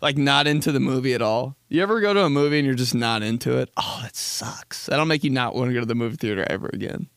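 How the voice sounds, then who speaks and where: A man's voice: rapid-fire, gravelly, few pauses, clean tone, no echo, clean studio sound. A man in his twenties chatting casually and comedically, rambling and acting out quotes with frequent laughter. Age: 20s. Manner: rambling, laughing, acts out quotes in high voices. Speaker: podcast host.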